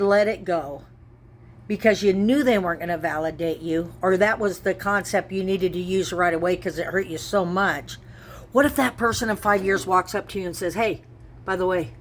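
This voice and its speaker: A woman's voice: on the low side, a little hiss or hum. A middle-aged woman vlogging at home, speaking earnestly to camera and circling back to the same points. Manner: earnest, repetitive, rambling. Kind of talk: casual talk to camera.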